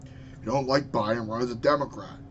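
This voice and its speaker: A man's voice: medium pitch, fairly even intonation, fairly quick, muffled recording, slight background noise. A man in his twenties ranting angrily and profanely about politics into his webcam. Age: 20s. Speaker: vlogger. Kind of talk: political rant.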